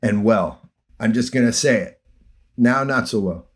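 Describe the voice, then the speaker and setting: A man in his fifties talking in a relaxed, animated way at a mid-range pitch. He tells stories with plenty of laughter and acts out the voices of the people he met. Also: a little slow, slight background noise. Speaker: former field worker telling stories. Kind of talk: casual storytelling conversation.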